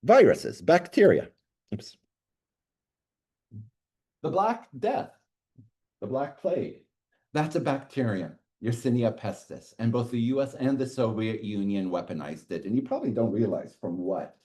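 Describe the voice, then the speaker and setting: A middle-aged man giving a university lecture in a classroom, animated and chuckling, often checking in with "okay". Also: mid-range voice, a little slow, pauses often.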